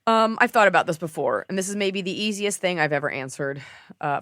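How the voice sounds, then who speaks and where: A woman hosting a podcast, giving advice in a casual chat with sarcastic, deadpan jokes. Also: on the low side, brisk, dry recording, studio quality. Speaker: podcast host.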